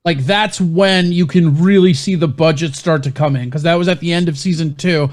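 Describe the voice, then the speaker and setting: A man co-hosting a talk show, chatting casually, crude and excitable, swearing often. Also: a little high, moderate pace. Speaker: co-host. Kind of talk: casual chat.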